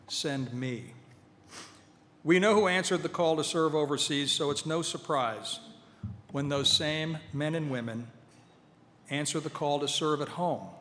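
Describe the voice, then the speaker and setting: A man giving a formal speech to an audience at a veterans' event, measured and earnest, with touches of light humor. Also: mid-range voice, fairly bright tone, slight background noise. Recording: hall reverb, faint ambience.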